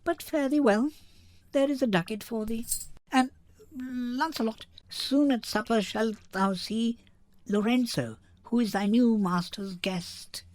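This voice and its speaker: A woman's voice: a little high, unhurried, a little mellow, no room sound, natural voice. A woman reading a wistful young daughter. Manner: wistful, earnest verse. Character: unhappy young daughter longing to elope. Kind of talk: dramatic reading.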